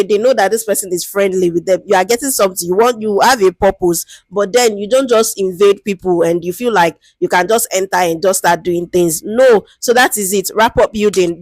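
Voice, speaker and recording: Recorded without echo, a Nigerian-accented product management teacher gives a lively, casual lesson, frequently asking "do you understand?" When acting out interview lines, she shifts into a higher, sweeter voice.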